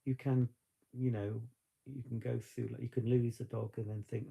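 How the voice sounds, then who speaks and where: A man talks in a rambling, reflective way on a live stream, now and then tearful. His voice is gravelly and husky and sits deep and dark. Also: level tone, normal speed. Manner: reflective, rambling, with frequent fillers. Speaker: vlogger. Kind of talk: casual live-stream chat.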